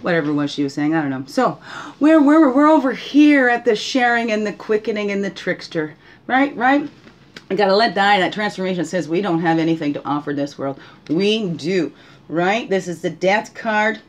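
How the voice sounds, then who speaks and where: A woman's voice: medium pitch, animated, moderate pace. A woman hosting a spiritual guidance session at home, reading oracle cards in a meandering, reflective way and often asking the listener questions. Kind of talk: casual oracle card reading.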